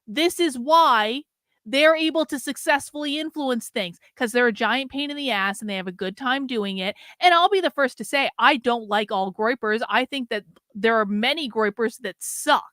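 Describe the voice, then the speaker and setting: A woman with a fairly high voice argues back at a video clip, blunt and combative, swearing freely. Her voice sits close and dry, with no room around it. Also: normal speed, fairly bright tone, dry recording. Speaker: commentator reacting to clips. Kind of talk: reaction commentary.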